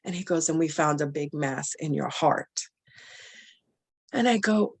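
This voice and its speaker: A young adult woman telling her own story in a lively, rambling way, full of fillers, often acting out what people said. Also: low-pitched, normal speed, vocal fry, husky. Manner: animated, many fillers, quotes people in dialogue. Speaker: cancer survivor guest. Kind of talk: personal storytelling.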